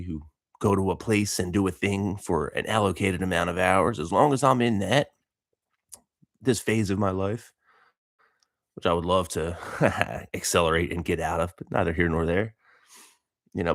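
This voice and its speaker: A man in his early thirties talks through a loose, motivational monologue, rambling and laughing between thoughts with easygoing slang. His voice sits low and deep, and the recording is dry and close with little room sound. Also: fairly bright tone, dry recording. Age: 30s. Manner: rambling, laid-back, laughs often, dude slang. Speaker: vlogger and coach.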